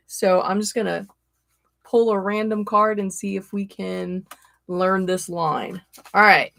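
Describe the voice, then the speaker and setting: A woman's voice: medium pitch, creaky, no echo. A woman hosting a casual livestream as a tarot reader, chatting with viewers, greeting them by name and laughing often. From Florida.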